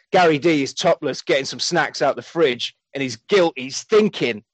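Podcast host, man, animated film recapper, swears freely, bit high-pitched, dry close mic. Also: normal speed, few pauses, no echo, rough recording. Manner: animated, sweary, acts out characters in quotes. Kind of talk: comedic film recap chat.

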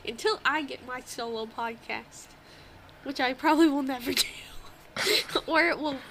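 Brief: young woman co-host, high voice, animated and laughing, faint hiss behind. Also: moderate pace. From New England, US. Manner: animated, laughs often, acts out quoted voices. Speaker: podcast co-host. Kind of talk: casual chat.

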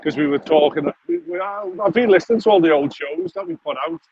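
A man's voice: fairly high pitch, huge pitch swings, quick pace, vocal fry. A man, hosting a podcast in a crude, jokey, rambling monologue full of swearing and restarts while walking outdoors on a phone mic. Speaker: podcast host. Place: outdoors, walking along a street. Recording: dull lo-fi sound with faint outdoor noise.

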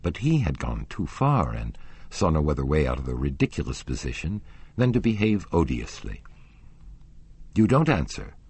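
Deep husky male audiobook narrator. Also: no echo. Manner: measured, expressive storytelling. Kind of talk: audiobook reading of a classic novel.

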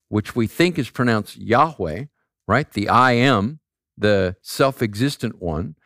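A man preaches, his pitch rising and falling in a lively way. He talks to his listeners conversationally, tells stories and tosses out rhetorical questions. The recording is dry and close. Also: dry recording. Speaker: pastor. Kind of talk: sermon.

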